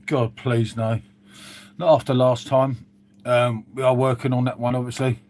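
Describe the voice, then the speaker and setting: A man's voice: mid-range voice, level tone, moderate pace, a little mellow. Chatty man live-streaming. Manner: chatty, lots of "mate" and "um". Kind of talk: casual live-stream chat reading comments.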